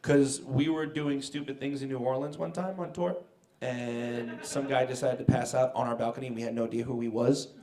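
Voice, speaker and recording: A man's voice: mid-range voice, brisk, hardly any pauses. A man in his forties, a celebrity guest on a convention panel, telling stories with laughs and acted-out quotes. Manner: animated, laughing storyteller who acts out quotes. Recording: echoey convention hall.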